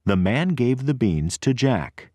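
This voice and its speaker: Slow, husky male storyteller. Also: medium pitch, dry recording. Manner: clear, deliberate, expressive reading. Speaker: narrator. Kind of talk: slow read-aloud storybook narration.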